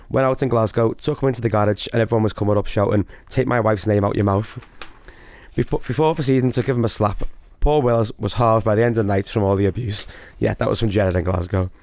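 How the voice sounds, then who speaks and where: A man's voice: lowish voice, darkish tone. A man co-hosting a podcast in casual chat, laughing and self-conscious about doing accents. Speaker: podcast co-host.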